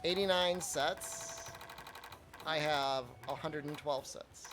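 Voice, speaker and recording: A man's voice: on the high side, takes it slowly, a bit bright, faint music behind. A man streaming a video game, chatting casually with his chat, answering questions and laughing often.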